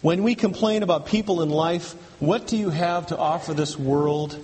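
A pastor delivering an emphatic sermon, full of repetition and rhetorical questions. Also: male voice, on the high side, moderate pace, darkish tone, big-room sound.

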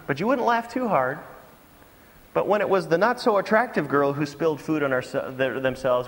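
High-voiced preacher in a reverberant hall. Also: male voice, normal speed. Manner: animated storytelling with mocking impressions. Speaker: pastor. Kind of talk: sermon.

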